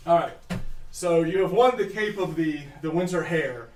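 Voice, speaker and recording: Man, game master, tabletop narration, laughs a lot, roomy echo, distant mic. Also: unhurried. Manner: laughing often, puts on high squealing voices for townsfolk.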